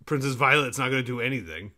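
A man's voice: medium pitch, lively intonation, fast, pushed and bright. A man co-hosting a podcast in casual chat, sarcastic and swearing freely. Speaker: podcast co-host.

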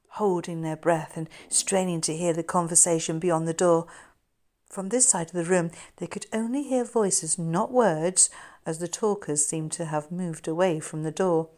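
Low-voiced woman reading her novel aloud. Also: a little mellow. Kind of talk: scripted narration.

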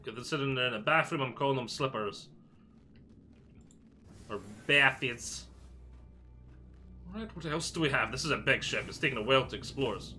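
A man's voice: mid-range voice, fast, hardly any pauses, sharp tone, a little hiss or hum. A Scottish man giving a chatty, jokey walkthrough of a video game, thinking aloud as he goes. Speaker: gaming video creator. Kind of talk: casual game walkthrough commentary.

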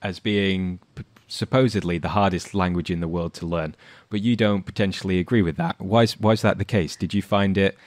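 A man's voice: low-pitched, steady tone, fairly quick, hardly any pauses, dry recording. A man hosting a podcast, asking curious questions in a hesitant, casual way with many fillers. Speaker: podcast host.

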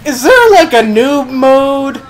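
A man's voice: extremely high pitch, big pitch swings, takes it slowly, slight background noise. A man playing a game, making urgent, panicky calls to his teammates. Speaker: game player. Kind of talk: casual gameplay chat.

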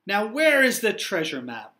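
A stern, prim woman librarian as a man puts her on from a children's storybook. She talks firmly and matter-of-factly, in a slightly high, lively and bright voice. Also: normal speed, full character voice. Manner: firm, prim, matter-of-fact.

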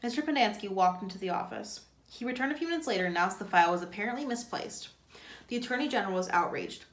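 A woman teacher reading a novel aloud to a class in a plain, steady way. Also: mid-range voice, quick pace. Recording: echoey room.

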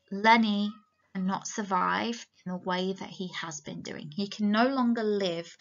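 A woman English teacher giving a recorded lesson, explaining calmly and reading a novel extract aloud. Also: mid-range voice. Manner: measured, explanatory. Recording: dull lo-fi recording.

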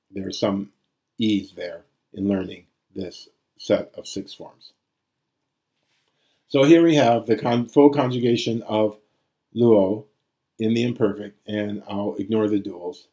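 A man's voice: lowish voice, warm tone. A man teaching Greek grammar in a recorded lecture, reciting forms aloud.

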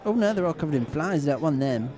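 A man's voice: on the high side, expressive, quick pace. A man vlogging a holiday with cheeky, teasing commentary, outdoors in a busy tourist town. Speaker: travel vlogger. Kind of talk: casual handheld travel commentary. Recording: busy crowd noise around.

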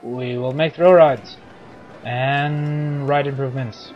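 A man's voice: medium pitch, steady tone, slow pace, dull audio. A man with a scratchy throat giving playful, silly commentary while playing a game. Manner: playful, silly self-narration. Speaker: let's play host.

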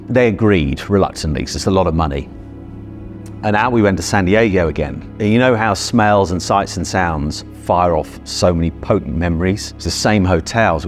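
A man's voice: deep voice, darkish tone. A middle-aged British man earnestly telling a vivid personal story and acting out his own past thoughts. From Britain.

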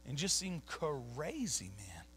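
A man's voice: fairly high pitch, wildly swooping pitch, slow pace, sharp tone, a little hiss or hum. A man preaching a sermon as a pastor, emphatic and conversational, dropping casual slang between points. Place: church sanctuary.

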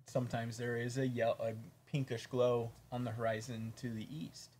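A man's voice: medium pitch, moderate pace, a little hiss or hum. A man co-hosting a painting tutorial, chatting casually and thinking aloud as he paints. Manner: relaxed, chatty, thinks aloud while working. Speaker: painting instructor, co-host.

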